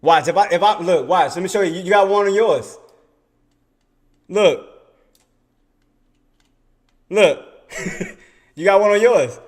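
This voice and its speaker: A day trader streaming live gives casual, excitable commentary on his trades, chatting and laughing with his chat and muttering as he searches his screen. His voice is high-pitched, slow, and broken by long pauses.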